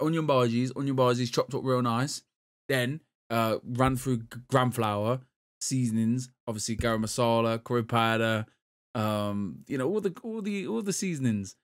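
Guy cohosting a game podcast, loose rambly chat, swears a bit. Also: medium pitch. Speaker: podcast co-host. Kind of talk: casual chat.

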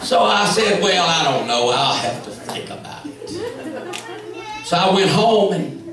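A male evangelist spins a comic story in an animated, folksy manner. His voice comes from a distance and rings through a big, echoey sanctuary. The congregation is audible around him. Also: high-pitched, a little slow. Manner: humorous, folksy, animated storyteller who acts out quoted voices. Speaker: evangelist preacher. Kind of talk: storytelling sermon. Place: large church sanctuary with congregation. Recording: echoey church hall, mic far off, crowd audible.

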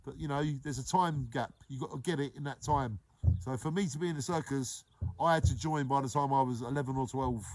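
A man, hosting a daily live show and warmly giving repeated shout-outs to viewers by name. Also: mid-range voice, brisk, no room sound, rough recording. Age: 40s. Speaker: live-stream host.

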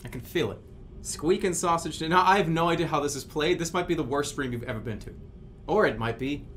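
A male streamer talks to his live audience in an agitated, rambling way and curses often. His voice sits a little high for a man. A faint background hum runs behind him. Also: lively intonation, fairly quick. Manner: flustered, agitated rambling with profanity.

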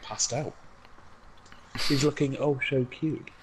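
A man's voice: medium pitch, steady tone, takes it slowly, background noise. A man chatting and joking with teasing banter while playing a video game together with a friend. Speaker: co-op gaming guest. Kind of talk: casual gaming chat.

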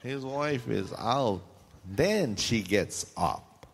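A male preacher tells a comic story during a sermon. His pitch swings widely as he jumps into high squealing voices for the people in his tale. His speaking voice sits at an ordinary middle pitch. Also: lively intonation, very slow, a little hiss or hum.

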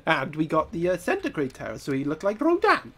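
A man's voice: a little high, huge pitch swings, a little fast, pushed and bright. A man with a congested, nasal voice from a cold, giving chatty gameplay commentary and exclaiming at mishaps. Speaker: gaming YouTuber.

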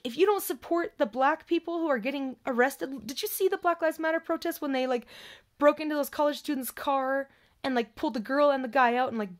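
A young woman vlogger telling a personal story in a distressed, emphatic monologue, her voice swinging between raised cries and low, quiet passages.

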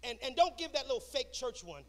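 A man preaching a sermon, shouting in a sing-song cadence in a church sanctuary. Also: extremely high pitch, sing-song, brisk. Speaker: pastor.

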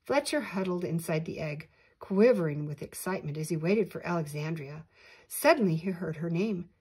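An older woman, a grandmother, reading a picture book aloud with animated delivery and small slips. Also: fairly low pitch, moderate pace, breathy edge. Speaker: storyteller grandmother.

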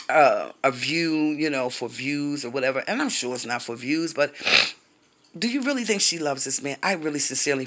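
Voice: mid-range voice, a bit bright. Brief: sassy gossip vlogger, drawling and playful, speaks straight to the viewers, sometimes whispers the juicy parts. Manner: sassy, drawling, addresses viewers as y'all, honey and baby; drops to a whisper for racy gossip. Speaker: vlogger reacting to a reality show.

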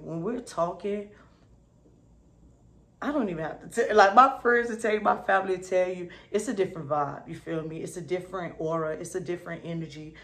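A woman vlogging to camera in a casual, upbeat, slangy way, often asking "you feel me". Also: fairly low pitch. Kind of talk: casual motivational talk to camera.

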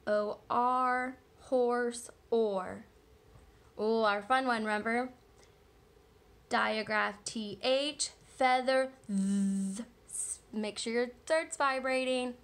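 A woman teacher leading a phonics lesson, drilling letters and sounds slowly and deliberately. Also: fairly high pitch, steady tone, a bit bright.

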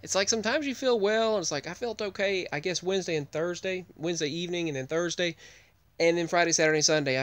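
A man with a fairly high, smooth voice talks through his feelings in a subdued, rambling, heartfelt way on a podcast. The sound is dry and close to the mic. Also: fast talker, a bit bright, no echo. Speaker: podcast host. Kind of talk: emotional personal talk.

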